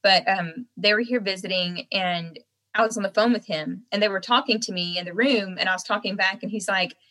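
A young woman with a softened Southern American accent, chatting casually as a guest and laughing often. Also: mid-range voice, a little fast, low-quality recording. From Southern United States. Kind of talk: casual chat.

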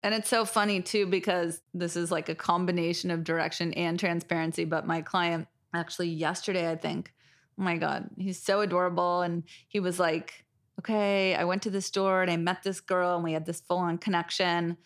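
A woman's voice: fairly low pitch, level tone, moderate pace. A woman co-hosting a podcast as a therapist, enthusiastic and casual, swearing while she retells client stories with energy.

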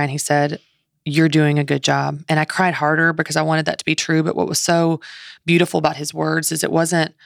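A woman's voice: sits low, vocal fry, a bit bright, dry recording, studio quality. A woman in her thirties, a guest on a faith podcast, telling a story with passion and acting out inner voices. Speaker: guest author and speaker.

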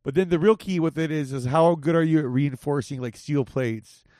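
A man's voice: a little high, moderate pace, mellow, dry recording, clean studio sound. A young man hosting a podcast in casual chat, joking and rambling with lots of swearing. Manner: profane, jokey, rambling. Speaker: podcast host.

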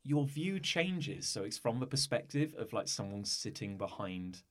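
A man's voice: mid-range voice, sing-song, measured pace. A man running a tabletop role-play as game master, narrating in a chatty, rambling way.

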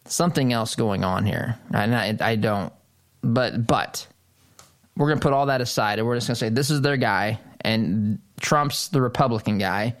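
A man with a mid-range voice hosts a political commentary show, speaking at normal speed. His opinion monologue is emphatic and incredulous, and he repeats phrases for stress.

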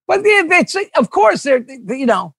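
An older man from Long Island, a comedian guest telling rambling, animated anecdotes in a casual interview, with many restarts and asides. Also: very high-pitched, normal speed, gravelly, dry recording. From Long Island, New York.

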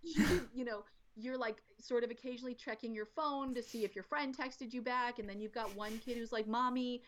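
A woman guest talking about parenting in a casual podcast chat, explaining in an animated way and acting out little quotes. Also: on the high side, brisk. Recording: dull lo-fi audio.

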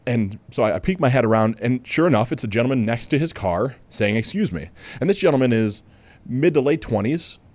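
A man's voice: mid-range voice, animated, fairly quick, darkish tone, dry recording. Casual male podcast host, dry sound. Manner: conversational, with frequent restarts and asides. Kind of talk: storytelling monologue.

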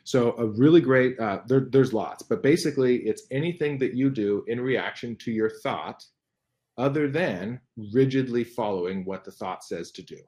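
A man's voice: mid-range voice, moderate pace, a little mellow. A middle-aged man, a guest expert in an interview, explaining carefully with frequent restarts and fillers.

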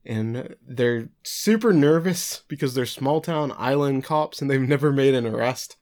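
A man's voice: mid-range voice, a little slow, a little mellow. Male podcast co-host, casual recap voice, filler-heavy, remote call. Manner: chatty, loose, with filler words. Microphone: remote call mic.

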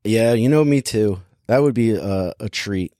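A man's voice: on the low side, a little slow, mellow, no room sound, studio quality. A man casually reviewing a film in a chat, rambling and filling his talk with "like" as he restarts his sentences. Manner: rambling, heavy use of "like", self-interrupting. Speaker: podcast movie reviewer.

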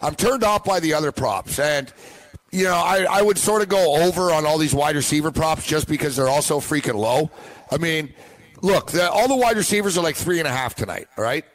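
A man's voice: fairly high pitch, animated, fairly quick, poor audio. A young man hosting a sports betting show, chatting casually and rambling, often repeating himself.

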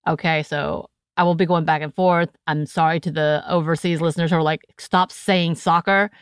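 An American woman co-hosting a podcast in a casual chat, animated and laughing often, recorded close to a studio mic. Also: low-pitched, brisk, smooth, no room sound. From United States. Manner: chatty and animated, often laughing, breaks into put-on voices. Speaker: podcast co-host.

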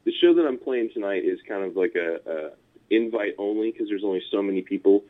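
A Californian man with a fairly low voice rambles through a laid-back interview, full of "like" and "you know" and quick chuckles. His voice comes through thin and tinny, like a phone call. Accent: Californian American. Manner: rambling, chuckling, filler-heavy. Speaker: punk musician guest. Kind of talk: casual interview chat. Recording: tinny phone-line audio.

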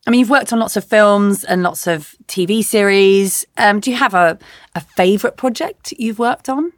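A woman's voice: medium pitch, moderate pace, no echo. Woman podcast host, effusive and upbeat, dry close-mic sound. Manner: enthusiastic, effusive praise. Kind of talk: interview podcast.

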